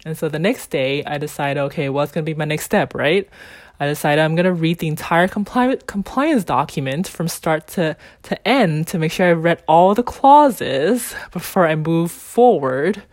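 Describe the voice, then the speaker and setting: A middle-aged woman telling a personal business story in a casual, animated way, with frequent ums, restarts and laughter. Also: sits low, normal speed, no echo, clean studio sound. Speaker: online seller in a direct sales company.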